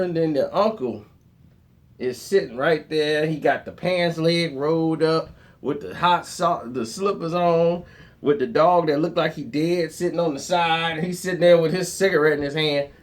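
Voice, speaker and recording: A man telling a funny personal story in a casual, animated way, laughing often. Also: on the high side. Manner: animated, laughs often, acts out others' lines.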